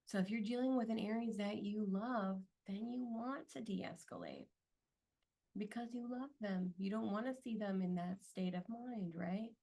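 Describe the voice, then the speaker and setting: A woman's voice: medium pitch, moderate pace, vocal fry, dark tone. A woman giving casual astrology advice in a monologue, talking conversationally and often checking in with "right?". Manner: conversational, keeps asking "right?" for agreement. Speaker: astrology content creator.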